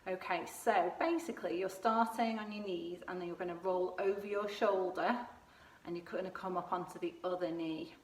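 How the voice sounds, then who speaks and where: A woman's voice: fairly low pitch, fairly even intonation, normal speed. A woman coaching children through gymnastics moves at home, showing each one as she explains, a little out of breath at times. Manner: encouraging, demonstrates moves while talking. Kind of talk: home exercise lesson for children. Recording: echoey room, voice from a distance.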